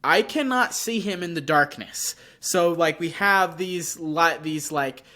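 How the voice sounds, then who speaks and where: A young man, sick with a sore throat, co-hosting a podcast and telling an animated story in casual chat, acting out his own reactions. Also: a little high, unhurried. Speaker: podcast co-host.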